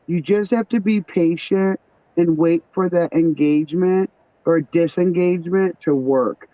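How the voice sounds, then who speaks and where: A woman's voice: fairly low pitch, a little slow, no echo. A middle-aged woman with a New York accent, chatting bluntly with family on a stream, swearing and laughing often. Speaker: livestream host. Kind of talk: casual chat. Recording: dull muffled sound.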